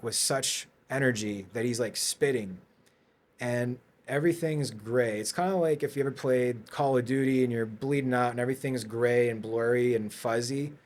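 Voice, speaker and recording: A man guest on a podcast, telling his story in a casual, rambling way with many fillers and restarts. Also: medium pitch. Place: podcast studio.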